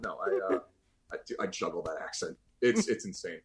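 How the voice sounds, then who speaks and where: A man's voice: on the high side, animated, moderate pace, pushed and bright. A man from Boston, a voice actor, chatting casually in an interview, rambling and restarting his sentences and laughing easily. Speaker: voice actor guest.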